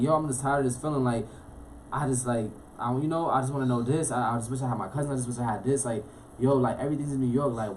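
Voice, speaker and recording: A young man from Florida talks quickly, his words tumbling out in a run. He tells his own story as an interview guest, loose and streetwise, and keeps checking in with the listener. His pitch sits at an ordinary middle height. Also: slight background noise. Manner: fast, animated, streetwise slang, frequent "you know what I'm saying". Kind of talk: casual personal storytelling.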